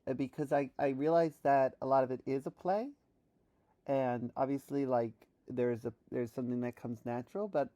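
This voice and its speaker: A woman from New York thinking aloud in a reflective solo monologue, halting with many restarts while she practices a trained voice. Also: rumbling low, steady tone, mellow. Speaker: vlogger.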